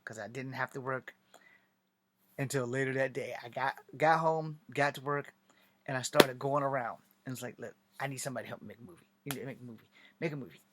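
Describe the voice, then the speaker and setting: A man from Virginia telling a long personal story in a casual monologue, swearing often and acting out other people's lines. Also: medium pitch. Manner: profane, animated, acts out quoted dialogue. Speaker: aspiring filmmaker telling his story.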